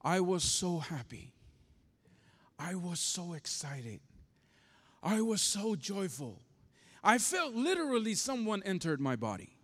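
A man's voice: high-pitched, big pitch swings, takes it slowly, pauses often, fairly bright tone, in a large hall. A man preaching as pastor, telling a story with passion and acting out the voices in it.

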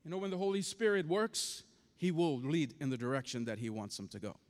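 A man's voice: fairly high pitch, fairly quick. A man preaching a sermon, telling a story with emphatic, dramatic delivery and re-enacted quotes. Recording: long hall reverb.

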